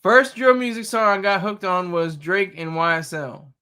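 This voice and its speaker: A man in casual chat who talks excitably and often stumbles into restarts and repeated words. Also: high-pitched, normal speed, smooth.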